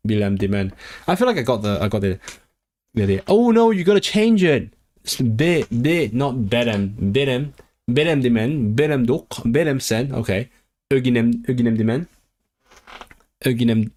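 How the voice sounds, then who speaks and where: A man streaming himself as he studies a language, drilling phrases aloud in a halting, repetitive self-talk. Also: fairly low pitch, a little mellow. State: sore throat. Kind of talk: casual livestream study session.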